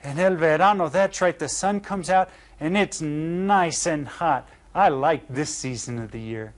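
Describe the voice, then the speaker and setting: A man teaching an elementary Spanish class, his voice sitting a little high. He speaks in a friendly, encouraging way and slows right down to say each Spanish phrase clearly for young learners. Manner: slow, carefully enunciated Spanish phrases for learners.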